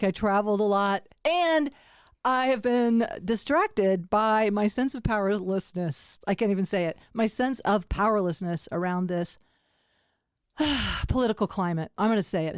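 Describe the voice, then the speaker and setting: A woman's voice: medium pitch, moderate pace, clear, resonant tone, no room sound, studio quality. An older woman hosting a comedy podcast at home, chatting casually and laughing often. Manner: laughs often, self-deprecating.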